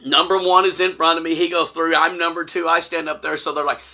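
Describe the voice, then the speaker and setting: A man telling a funny personal story to camera, animated and laughing as he acts out the voices. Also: on the high side, fast, gravelly. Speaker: storytelling vlogger.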